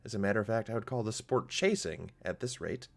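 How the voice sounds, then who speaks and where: A man voicing a wary huntress woman who scolds loud hunters in a measured tone. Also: on the low side, vocal fry. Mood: chiding. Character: wary female huntress, firm and dry.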